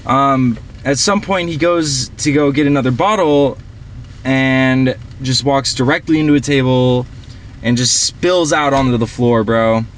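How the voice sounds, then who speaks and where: A man's voice: mid-range voice, a little slow, slight background noise, lightly acted. A man playing a rambling young party guy. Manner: rambling, profane, slangy, many fillers. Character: young male party-goer, rambling storyteller. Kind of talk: casual film dialogue.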